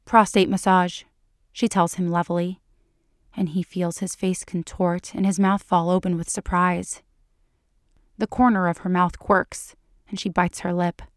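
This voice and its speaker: A woman narrating fan fiction aloud in a measured, even storytelling manner. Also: on the low side, no room sound, clean studio sound.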